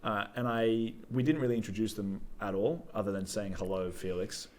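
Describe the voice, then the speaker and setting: A man's voice: lowish voice, fairly even intonation, normal speed, darkish tone. A young man, co-hosting a podcast in casual, jokey, rambling chat. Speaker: podcast co-host.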